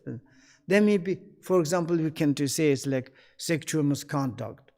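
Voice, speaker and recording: A man giving a Buddhist teaching online, speaking halting English with many fillers and acting out bits of dialogue. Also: fairly high pitch, a little mellow.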